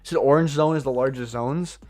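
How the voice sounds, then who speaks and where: Here the day trader's voice is mid-range and a little mellow. The young man reads chat comments aloud on his trading livestream, staying loose, slangy and jokey, and laughs quickly in reaction, over faint background music.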